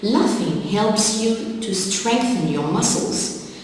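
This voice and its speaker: A woman teaching an English exam-prep lesson, going through word lists slowly and methodically. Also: medium pitch, animated, a little mellow, a little hiss or hum. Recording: echoey hall, distant mic.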